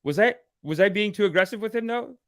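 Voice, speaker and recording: A man hosts a comedic livestream, his voice sitting high and moving fast. He swings between hushed, mock-spiritual calm and loud, excited outbursts, laughing often.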